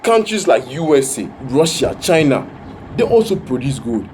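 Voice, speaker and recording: A man's voice: medium pitch, big pitch swings, normal speed, a little mellow, a little hiss or hum. A man giving casual, earnest commentary to his viewers. He often repeats words for emphasis. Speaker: reaction video host.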